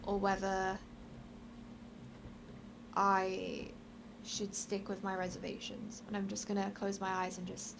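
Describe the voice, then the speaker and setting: Gravelly-voiced woman thinking aloud. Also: medium pitch, completely flat delivery, a little slow, pauses often, noisy background. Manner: thoughtful, hesitant. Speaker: player. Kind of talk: describing her character's actions.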